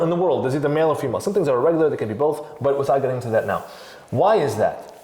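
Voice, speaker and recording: A man's voice: mid-range voice, expressive, rapid-fire, a little mellow, reverberant. A man co-hosting a casual podcast who explains his ideas step by step and asks rhetorical questions as he goes. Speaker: podcast co-host.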